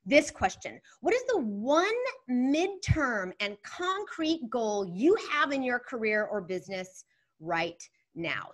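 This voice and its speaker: Energetic woman facilitator with a slightly high voice, restarting her phrases while she speaks to a group and reads the chat. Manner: energetic, self-correcting, talks to a live chat. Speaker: workshop facilitator. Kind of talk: online workshop talk.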